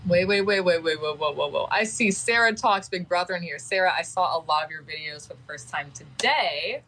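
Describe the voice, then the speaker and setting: A woman's voice: on the low side, a little fast, pushed and bright, rough recording. A woman chatting casually on a livestream, talking in a gushing, sentimental way.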